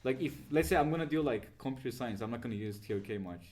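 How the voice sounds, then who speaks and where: A man's voice: medium pitch, expressive, darkish tone. A teenage boy co-hosting a student podcast, talking earnestly and packing his talk with fillers. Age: teens. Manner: rapid, filler-heavy, earnest. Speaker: podcast co-host. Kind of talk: casual group chat.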